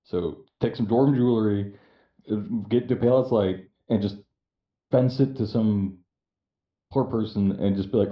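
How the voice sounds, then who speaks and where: A man's voice: on the low side, measured pace, pauses often, echoey room, dull audio. A man playing in a tabletop game, talking hesitantly with many fillers. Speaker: player. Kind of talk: casual chat.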